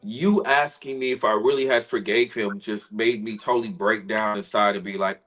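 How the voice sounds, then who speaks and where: A man who is a spoken word artist, a guest in an interview, telling a personal story in an earnest, heartfelt way that grows quiet when he is moved. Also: fairly low pitch, steady tone, moderate pace, hardly any pauses, soft background music, poor audio.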